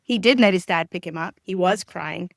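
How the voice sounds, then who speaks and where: A woman's voice: lowish voice, moderate pace, vocal fry, no echo, studio quality. A woman speaking as a family counsellor guest on a podcast, explaining ideas in an earnest, conversational way. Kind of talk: conversational interview.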